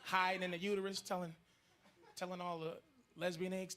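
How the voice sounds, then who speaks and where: A man's voice: high-pitched, flat delivery, fairly quick, pauses often. A man in his thirties doing crude, rambling stand-up comedy in a noisy live room. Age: 30s.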